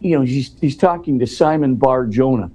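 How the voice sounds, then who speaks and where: A man's voice: mid-range voice, normal speed, dark tone. A man speaking as an interview guest, explaining at length in an earnest, conversational way and often restarting his words.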